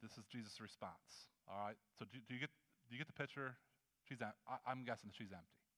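A man preaching a sermon in a conversational, animated way, acting out the scenes he describes. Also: mid-range voice, fast talker. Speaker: pastor.

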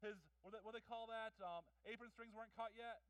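A male pastor preaching in a church, telling stories in an animated way with jokes and acted-out voices. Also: high-pitched, quick pace, no room sound, recorded from a distance, rough recording. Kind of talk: sermon. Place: church hall.

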